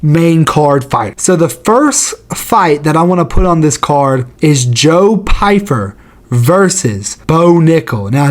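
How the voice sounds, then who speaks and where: A man hosting his own channel, giving casual commentary in slangy and profane talk. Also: fairly high pitch. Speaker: channel host.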